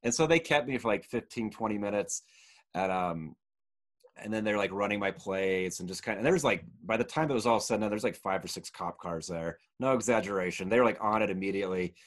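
Chatty man telling a story, low voice. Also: fast. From Utah. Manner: rambling, laughs often, many fillers. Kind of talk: casual storytelling chat.

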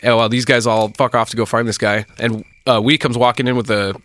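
A man's voice: medium pitch, quick pace. A man casually telling a story about a night at a bar, swearing freely and acting out the voices of the people in it. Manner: profane, animated, acts out quoted voices.

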